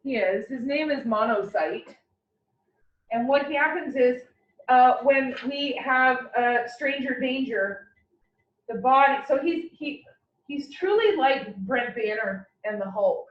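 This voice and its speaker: High-voiced woman lecturing from across a room. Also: slow pace. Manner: animated, playful analogies. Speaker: anatomy instructor. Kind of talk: classroom lecture. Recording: roomy, distant, dull lecture recording.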